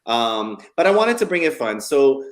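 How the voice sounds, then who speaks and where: A man in the middle of a lively talk show segment, reading out funny messages with lots of energy. His voice sits at an ordinary middle pitch, and his delivery is casual and chatty. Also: normal speed. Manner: animated storyteller reading funny texts aloud.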